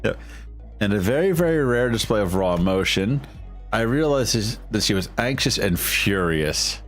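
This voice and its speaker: A man's voice: fairly low pitch, animated, normal speed, faint music behind. A man streaming a game, chatting casually, rambling and swearing freely with self-deprecating jokes. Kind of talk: casual gameplay commentary.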